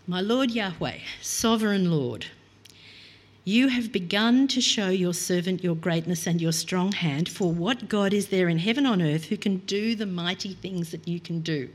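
A woman's voice: fairly low pitch, a little slow, slightly rough. A middle-aged woman preaching a reflective, earnest sermon and reading scripture aloud.

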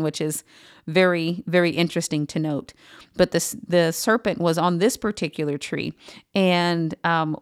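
A woman pastor giving an earnest, emphatic Bible teaching on a podcast, pausing often with "um". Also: on the low side. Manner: earnest, emphatic, with frequent "um" pauses.

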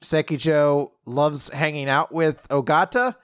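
Podcast host, male, fairly high voice, bubbly and giggly, retells plots with quick character impressions. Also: clear, resonant tone. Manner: animated, laughs often, acts out quoted lines. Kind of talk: casual chat recapping a manga chapter.

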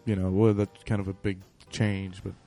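A man's voice: deep voice, flat delivery, moderate pace, dark tone, faint music behind. A man chatting casually as a guest musician, rambling with many fillers. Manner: rambling, lots of fillers, acts out quotes. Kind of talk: casual conversation.

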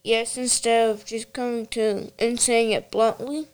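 A woman's voice: fairly high pitch, little pitch movement, unhurried, clean tone. A woman in a Bible study group sharing her thoughts hesitantly, searching for her words.

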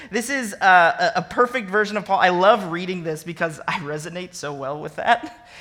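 A young adult man from the American Midwest, an associate minister giving a sermon, animated and conversational, reading scripture with sarcastic emphasis. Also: high voice, moderate pace.

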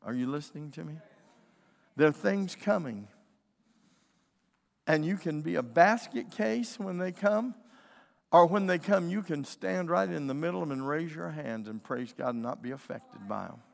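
A man's voice: on the high side, normal speed, creaky. A middle-aged male pastor preaching a sermon with emphatic storytelling. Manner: emphatic preaching storyteller, acting out quoted voices. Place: church sanctuary. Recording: long reverb of a church hall.

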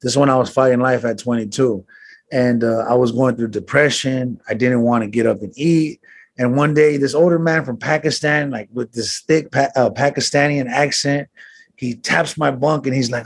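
A man talking in a relaxed conversation, telling earnest personal stories with street slang and the odd swear word. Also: mid-range voice, moderate pace. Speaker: guest. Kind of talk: casual conversation.

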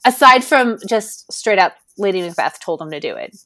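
A woman of middle pitch asks questions and works through her ideas out loud on a casual podcast. Her voice sounds close and dry, with no room around it. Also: big pitch swings, moderate pace, dry recording. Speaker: podcast co-host. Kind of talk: casual chat.

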